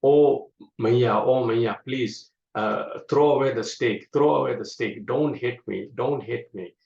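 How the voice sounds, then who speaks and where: A man's voice: mid-range voice, a little slow, vocal fry, darkish tone. A man voicing a terrified little boy who begs not to be hit. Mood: pleading. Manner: pleading, repeated cries. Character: frightened little boy pleading. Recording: echoey room, dull lo-fi sound.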